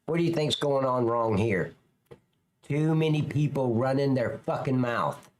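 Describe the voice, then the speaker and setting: A man's voice: mid-range voice, a little slow. A man commentating on police footage, sarcastic and scornful, cursing constantly as he picks the scene apart. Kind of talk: profane video commentary.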